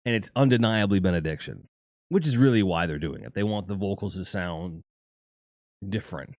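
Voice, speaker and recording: A man's voice: low-pitched, expressive, moderate pace, darkish tone, no echo. A man hosting a casual, rambling and jokey chat about music. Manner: rambling and jokey, with lots of fillers and laughs. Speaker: host.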